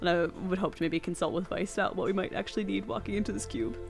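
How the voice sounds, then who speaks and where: A woman's voice: lowish voice, quick pace, creaky, over music. A woman playing in a tabletop game, rambling with fillers and laughing often. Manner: rambling, filler-heavy, giggly. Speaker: player. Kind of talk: casual tabletop play.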